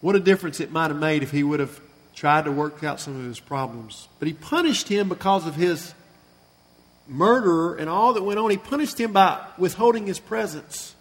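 A man preaching a sermon, retelling a scripture story with earnest feeling and slowing down and softening on the sad passages. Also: a little high, expressive. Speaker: pastor. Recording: long reverb of a large hall.

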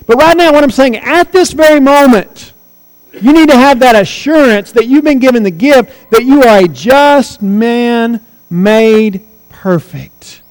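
A man's voice: very high-pitched, a little slow, big-room sound, rough recording. A man in his forties preaching a sermon as pastor, earnest and emphatic, repeating key phrases. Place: church sanctuary.

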